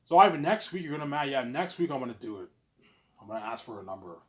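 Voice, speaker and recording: A man's voice: mid-range voice, sing-song, fast talker. Rambling, boastful man talking to camera. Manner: repetitive, boastful, keeps saying obviously; swings between loud bursts and mumbling. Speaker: vlogger. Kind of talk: rambling monologue.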